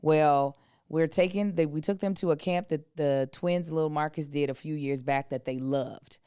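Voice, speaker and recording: A woman in her thirties, co-hosting a podcast, telling a family story in a casual, animated way and acting out the other people's voices. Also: deep voice, moderate pace, smooth, no echo, clean studio sound. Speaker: podcast co-host.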